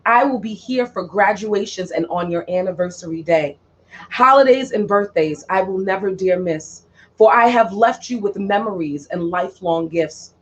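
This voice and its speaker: A woman performing a spoken-word poem in a slow, solemn, repeating cadence. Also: mid-range voice. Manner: slow, solemn, repetitive delivery. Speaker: poet. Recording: dull lo-fi audio.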